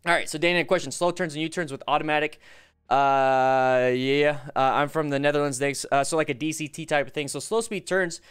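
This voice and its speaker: A man's voice: on the high side, brisk, smooth, faint music behind. A man hosting a casual live stream, reading viewer questions, reacting to motorcycle clips and giving riding advice in a chatty, upbeat way. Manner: upbeat, hypes the chat for likes. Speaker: live-stream host reviewing motorcycle videos.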